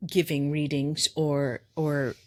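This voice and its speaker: A middle-aged woman co-hosting a podcast, telling stories about her energy work in a lively, casual way, acting out what she and her clients said and swearing now and then. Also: sits low, slow. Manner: animated storytelling, quotes herself and clients, swears casually. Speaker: podcast co-host and energy worker. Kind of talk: casual conversation.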